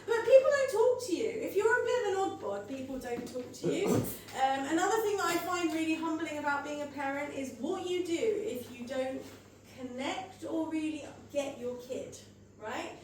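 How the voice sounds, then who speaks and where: A middle-aged woman doing an animated, swearing stand-up set on a club stage. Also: high voice, moderate pace, recorded from a distance, a little hiss or hum. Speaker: stand-up comedian. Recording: echoey venue mic, audience laughter.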